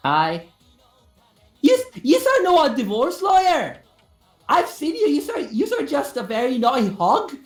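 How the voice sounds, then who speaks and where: A woman's voice: sits high, huge pitch swings, unhurried, faint music behind, voice pushed up, exaggerated voice. A woman putting on a Glasgow accent to play a teasing, scolding Glaswegian woman. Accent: put-on Glasgow. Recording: roomy echo.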